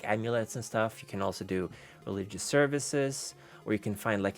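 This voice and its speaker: A man streaming as a VTuber, chatting casually and rambling, with many fillers and restarts. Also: fairly low pitch. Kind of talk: casual livestream chat.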